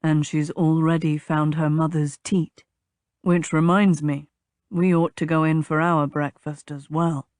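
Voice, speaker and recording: A woman voicing a gentle, soft-spoken young gentleman who murmurs in a low voice, in an audiobook. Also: flat delivery, a little slow, no room sound, studio quality. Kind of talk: audiobook character voice.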